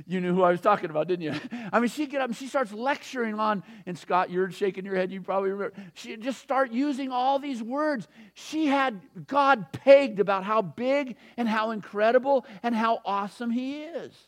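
A man in his sixties preaching a sermon, animated and repetitive, laughing often. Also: extremely high pitch, normal speed. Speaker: pastor.

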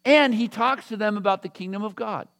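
High-voiced preacher telling the story. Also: male voice, brisk, fairly bright tone. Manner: conversational storytelling preacher, acting out quoted voices. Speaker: pastor. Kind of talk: sermon.

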